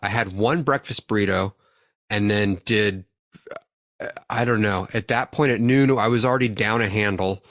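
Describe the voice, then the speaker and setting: A man's voice: lowish voice, normal speed, fairly bright tone, dry recording, studio quality. A young man hosting a podcast, telling a rambling, profanity-laced story and laughing as he goes. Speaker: podcast host. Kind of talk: casual chat.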